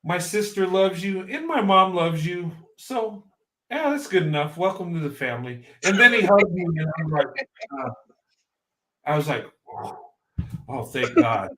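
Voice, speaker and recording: A man's voice: high-pitched, measured pace. Chatty man in an echoey room. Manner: animated, laughing often. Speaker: guest. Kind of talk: casual storytelling.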